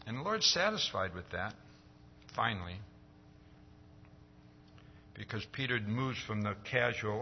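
A man preaching a conversational sermon, often pausing to ask "See?" and raising his voice as he acts out quoted dialogue. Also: lowish voice, lively intonation, highs cut off, a little hiss or hum. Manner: conversational, keeps asking "See?".

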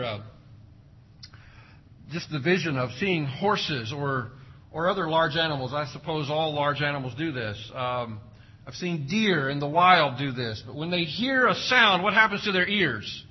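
A man's voice: fairly high pitch, slightly rough, dull audio. A man preaching a sermon as pastor, emphatic and full of rhetorical questions. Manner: emphatic, rhetorical questions, acts out parents' sayings.

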